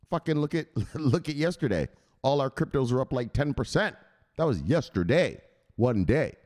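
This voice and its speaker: Man, crypto news host, casual, profane, blunt, lively pitch. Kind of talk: casual vlog commentary.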